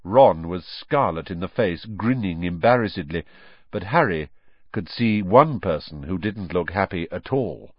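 Low-voiced man reading a storybook. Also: expressive, measured pace, dry recording, muffled recording. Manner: acts out each character's voice. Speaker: audiobook narrator.

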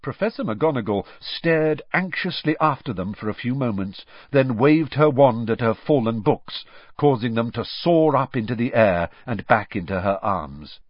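Expressive husky-voiced male storyteller. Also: mid-range voice, normal speed, no room sound. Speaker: audiobook narrator. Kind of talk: storybook narration. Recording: dull, dry close-mic recording.

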